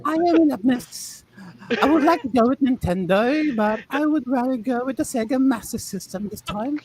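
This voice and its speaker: A man's voice: very high voice, slow, sharp tone, slight background noise, pitched above the performer's own voice, full character voice, rough recording. A man voicing a prim young British boy who pleads with his father in a theatrical, put-on posh way. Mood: pleading, theatrical.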